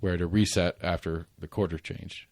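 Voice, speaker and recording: Low-voiced guy in his 40s, chatty podcast host, rambles and restarts a lot, dry close mic. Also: steady tone, normal speed, a little mellow, dry recording. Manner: rambling, restarts often, laughs while telling stories. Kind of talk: casual chat.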